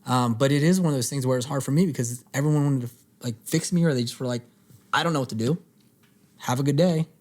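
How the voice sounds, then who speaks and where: A man hosting a podcast, chatting casually in a relaxed, rambling way with frequent restarts. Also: mid-range voice, quick pace. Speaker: podcast host. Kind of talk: casual conversation.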